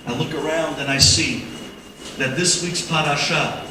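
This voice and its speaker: A man speaking as a rabbi at a community dinner, telling a moving story in an animated, emotional way. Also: on the high side, unhurried. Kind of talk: sermon-like storytelling. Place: large event hall. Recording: echoey hall, from far off, background noise.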